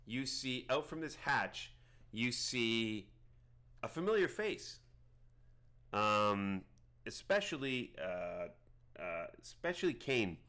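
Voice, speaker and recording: A man narrating a tabletop game as game master, rambling with many halting restarts. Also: medium pitch, very animated, sharp tone.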